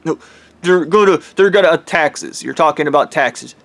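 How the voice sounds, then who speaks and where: Rich. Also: male voice, a little high, normal speed, gravelly, fairly bright tone. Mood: flustered. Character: entitled, condescending adult man, easily outraged.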